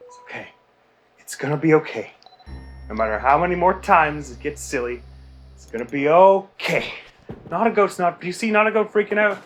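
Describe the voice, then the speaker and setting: A man's voice: a little high, normal speed, pauses often, a bit bright, soft background music. A man hosting a video game let's play, giving casual, rambling commentary with self-mocking, exasperated grumbling.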